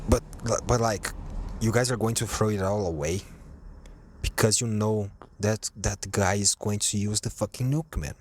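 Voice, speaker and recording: A man's voice: fairly low pitch, moderate pace, slight background noise. A young man hosting a solo podcast, ranting in a profane, rambling way with many restarts. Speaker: podcast host.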